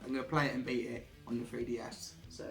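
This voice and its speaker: A man's voice: medium pitch, level tone, quick pace, vocal fry. A man chatting casually about retro games, easygoing and hesitant. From England. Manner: easygoing, hesitant, laughs often. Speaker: co-host. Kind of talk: casual chat. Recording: echoey room, faint music behind.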